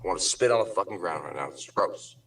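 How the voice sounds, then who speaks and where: A low-voiced man rants with heavy profanity and biting sarcasm, his voice a little distant from the microphone. His talk is loose and slangy, with constant swearing. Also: animated, fast talker, creaky, fairly bright tone, husky. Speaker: guest on a drama talk show. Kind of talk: heated profane rant.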